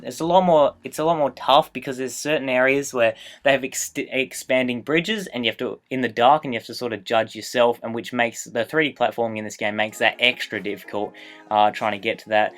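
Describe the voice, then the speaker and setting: Male let's-play host, middle pitch, chatty and tangent-prone, soft music bed behind. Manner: rambling, excitable, goes off on tangents. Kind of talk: casual gameplay commentary.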